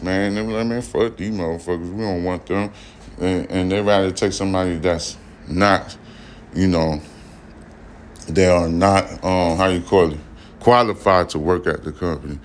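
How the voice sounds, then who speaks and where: A man hosting a podcast, reading news headlines and riffing on them in a rambling, conversational way with frequent profanity. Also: deep voice. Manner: reads headlines aloud then riffs on them. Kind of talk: casual news commentary.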